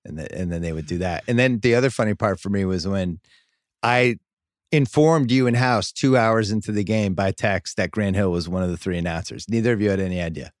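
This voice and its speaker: Low-ish voiced guy hosting a sports pod, asks lots of questions, dry close sound. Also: fairly quick, no room sound. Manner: conversational, probing questions, pushes the talk along. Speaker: podcast host. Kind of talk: casual sports chat.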